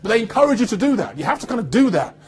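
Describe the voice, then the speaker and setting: Very husky, animated British man. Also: very high voice, rapid-fire. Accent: neutral standard British. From Birmingham, England. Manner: animated storytelling with laughter and acted-out quotes. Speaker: actor speaking to students. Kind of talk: anecdotal speech to students.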